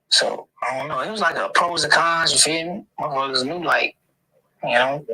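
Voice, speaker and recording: A man's voice: on the high side, moderate pace, a crowd in the background, low-quality recording. A man being interviewed, talking in a laid-back, rambling way with constant slang fillers. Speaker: interview guest. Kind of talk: casual street interview.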